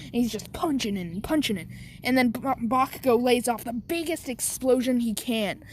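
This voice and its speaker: A woman's voice: fairly high pitch, lively intonation, normal speed, slight background noise. A woman casually telling a made-up fan story, rambling with many fillers. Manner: rambling, lots of "like" and "um".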